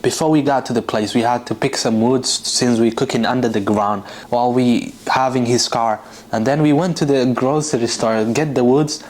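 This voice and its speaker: A man's voice: mid-range voice, fairly even intonation, moderate pace, a little mellow. Exasperated man rambling through a story. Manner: rambling, exasperated, many fillers and restarts. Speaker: vlogger. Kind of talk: casual storytelling to camera.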